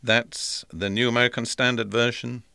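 A man's voice: medium pitch, steady tone, moderate pace, creaky, pushed and bright, clean tone, no echo. A man preaching a sermon in an earnest, emphatic way, repeating his points for stress.

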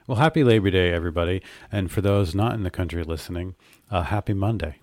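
Deep-voiced man co-hosting a podcast. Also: quick pace, a little mellow, dry recording, clean studio sound. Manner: teasing, upbeat promos. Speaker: podcast co-host. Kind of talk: casual podcast chat.

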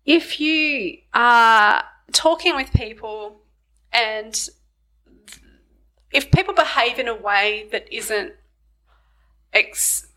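Bright-voiced frank woman podcaster. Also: on the high side, extremely slow, pauses often, poor audio. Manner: frank, laughs easily, swears in quotes. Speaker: podcast co-host. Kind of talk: casual chat.

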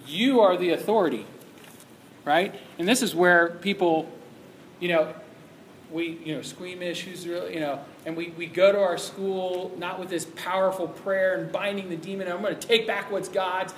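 A man's voice: sits high, fairly even intonation, moderate pace. A man preaching to a youth ministry audience in an emphatic, conversational way. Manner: emphatic, conversational, acts out quoted voices. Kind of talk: sermon. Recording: echoey room with faint background noise.

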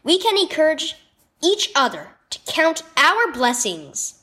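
A woman voicing a tired but loving single mother who speaks gently and encouragingly in a children's devotional story. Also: high-pitched, very animated, measured pace, pitched above the performer's own voice, heavily acted. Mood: gentle.

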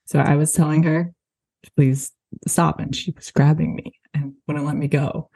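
A woman in a comedy chat who speaks dryly and deadpan, correcting the other speaker's story. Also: low-pitched, moderate pace, breathy edge. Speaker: co-host.

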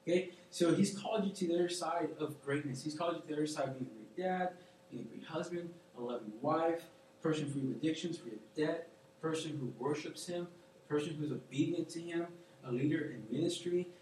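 Slangy preacher in an echoey hall. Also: male voice, on the high side, brisk. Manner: animated, conversational, slangy storytelling with quoted voices. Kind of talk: casual sermon. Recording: echoey room from far off, faint noise.

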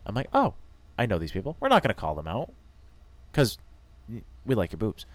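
A young adult man co-hosting a podcast, telling a rowdy anecdote in an animated, jokey way. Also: fairly low pitch, brisk, no room sound. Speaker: podcast co-host. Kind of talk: casual storytelling chat.

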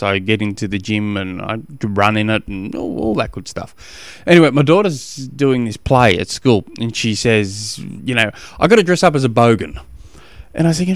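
A man's voice: fairly low pitch, normal speed, dry recording. A middle-aged Australian man hosting a podcast as a triathlon coach, talking in a chatty, rambling, self-mocking way with many restarts. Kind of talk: casual podcast monologue.

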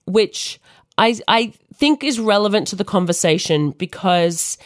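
A woman's voice: mid-range voice, unhurried, dry recording, clean studio sound. A young Australian woman telling a frank personal story in casual, chatty podcast talk, full of "like". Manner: chatty, frank, lots of "like" fillers.

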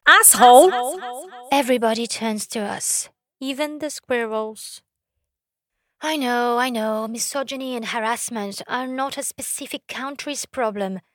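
A young woman from Brazil telling a comic story on stage. Her voice sits fairly high, and her delivery is brash, sardonic and full of swearing. The recording is dry and close. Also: a little slow, no room sound. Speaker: comedian.

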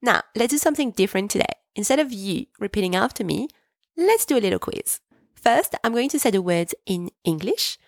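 A woman teaching a podcast French lesson, pronouncing each word slowly and clearly so listeners can repeat after her. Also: mid-range voice, sing-song, no room sound, clean studio sound. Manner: clear, slow, deliberate pronunciation for repeating. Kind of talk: podcast language lesson with repetition drills.

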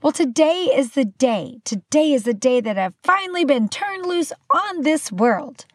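An older woman hosting her own podcast, bubbly and animated with playful asides, talking casually to the listener. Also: high-pitched, measured pace, no room sound, clean studio sound. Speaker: podcast host. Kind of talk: casual solo podcast talk.

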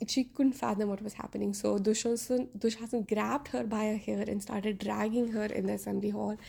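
Warm, gravelly woman telling an epic casually. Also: a little high, a little fast. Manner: conversational, filler-laden retelling. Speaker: podcast host. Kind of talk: casual storytelling.

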